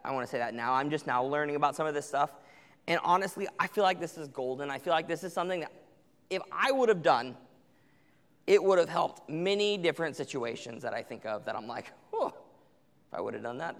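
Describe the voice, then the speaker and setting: A young man with a slightly high, fairly bright voice preaches a conversational sermon to teenagers, acting out the things parents and kids say. The recording carries a long hall reverb.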